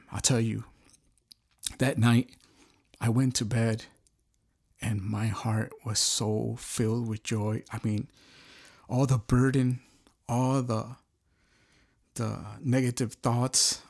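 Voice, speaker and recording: A middle-aged man giving an earnest, halting personal testimony, often searching for words. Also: mid-range voice, vocal fry, a little mellow, slightly rough. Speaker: storyteller sharing a personal testimony.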